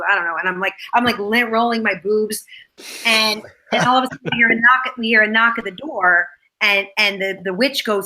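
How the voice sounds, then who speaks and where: A woman's voice: medium pitch, brisk, sharp tone, rough recording. An actress, a woman, chatting as a guest and rambling through behind-the-scenes stories. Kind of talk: casual chat.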